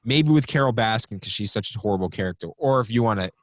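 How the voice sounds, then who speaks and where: A man's voice: on the low side, animated, fast talker, no echo. Young male podcast co-host, rambly and offhand, dry close sound. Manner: rambling, reads from notes with many ums. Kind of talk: casual podcast chat.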